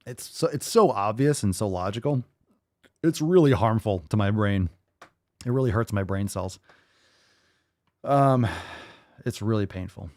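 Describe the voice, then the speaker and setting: A man's voice: fairly low pitch, expressive, unhurried, long pauses, darkish tone, no echo, studio quality. Profane ranting male podcast host. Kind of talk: livestream rant.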